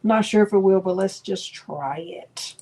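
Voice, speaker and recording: A middle-aged woman with a medium-pitched voice hosts a live craft software tutorial at a measured pace. While demonstrating, she chats with viewers by name.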